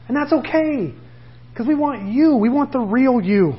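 A man's voice: extremely high pitch, lively intonation, fairly quick, muffled recording. A middle-aged man preaching a sermon in an earnest, conversational way, slipping into the voices of the people he describes. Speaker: pastor.

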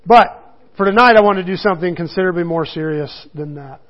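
A man's voice: sits high, fast talker. A middle-aged man teaching a casual Bible study, conversational, chuckling and acting out the quotes he tells. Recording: dull lo-fi recording.

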